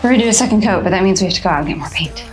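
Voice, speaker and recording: A woman's voice: mid-range voice, expressive, racing, soft background music. A woman vlogger chatting casually to the camera in her home studio, rambling in an anxious, chatty way.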